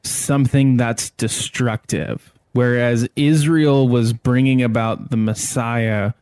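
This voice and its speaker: A man's voice: mid-range voice, steady tone, slow, a little mellow, smooth, no echo. Thoughtful man, dry studio sound. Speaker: podcast co-host. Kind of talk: casual theological discussion.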